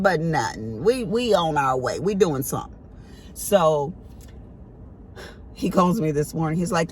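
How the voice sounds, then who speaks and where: A woman's voice: low voice, lively intonation, moderate pace, slight background noise. A middle-aged woman vlogging, telling a family story to her viewers in a chatty, emphatic, colloquial way.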